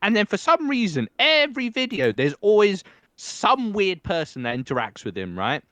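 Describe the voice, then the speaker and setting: Male podcast co-host from England, animated storyteller, swears freely, dry recording. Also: high-pitched, normal speed, no room sound. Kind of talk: casual chat.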